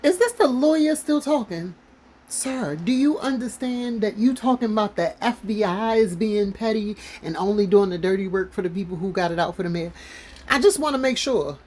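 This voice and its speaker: A woman's voice: medium pitch, expressive, moderate pace, darkish tone. Sassy, mocking woman commentator. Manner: sassy, mocking rhetorical questions. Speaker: commentary vlogger. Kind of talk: casual commentary while cooking.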